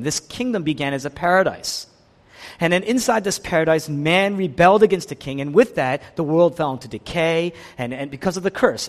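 A man preaching a sermon, animated, swinging between loud emphatic lines and hushed, slow ones. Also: a little high. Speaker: pastor. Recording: long hall reverb.

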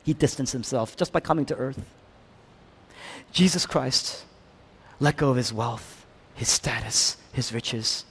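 Preaching to his congregation, this male pastor has a medium-pitched, slightly rough voice and speaks a little slowly, pausing often. He alternates between forceful, rising passages and quiet near-whispers, repeatedly asking the listeners questions.

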